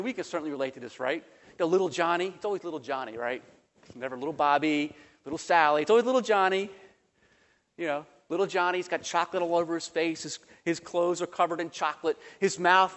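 A man preaching a sermon, animated and conversational, acting out voices in the quotes he tells. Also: sits high, a little fast, in a large hall. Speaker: pastor.

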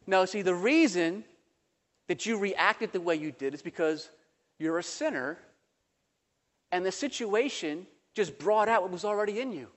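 A man preaching a sermon, animated and conversational, acting out voices in the quotes he tells. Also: high voice, moderate pace, long pauses, big-room sound. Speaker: pastor.

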